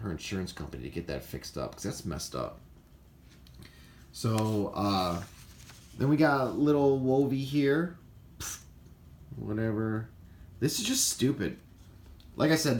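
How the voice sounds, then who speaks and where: Scoffing low-voiced man reviewing comics. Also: a little mellow, slight background noise. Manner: dismissive, scoffing, many filler uhs. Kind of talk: casual ranting review. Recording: roomy echo, faint ambience.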